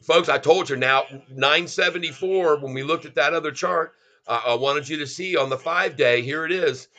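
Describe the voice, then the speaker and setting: A man's voice: on the high side, normal speed, pushed and bright, muffled recording. A middle-aged man, hosting a stock livestream and calling out chart moves in exclamations to his viewers. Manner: exclamatory, talks straight to viewers as folks. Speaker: stock market livestream host. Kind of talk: excited live commentary on a stock chart.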